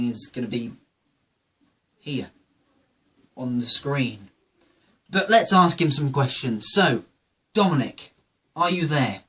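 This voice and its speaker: A man's voice: medium pitch, a bit bright. A man hosting a show, telling a rambling, jokey comedic monologue. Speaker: host.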